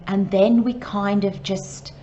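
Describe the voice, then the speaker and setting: A woman giving a channelled tarot reading, talking slowly and gently and sometimes dropping to a soft murmur. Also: medium pitch, fairly even intonation, dull audio, slight background noise. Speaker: tarot reader.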